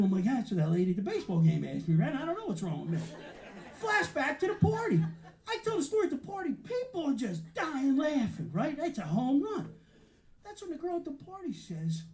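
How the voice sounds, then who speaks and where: A man's voice: very high voice, big pitch swings, normal speed, a little mellow. A man doing stand-up storytelling with a punchy delivery. He keeps tagging lines with "right?" at a live comedy show. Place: comedy show in a community arts center. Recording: echoey room, live show.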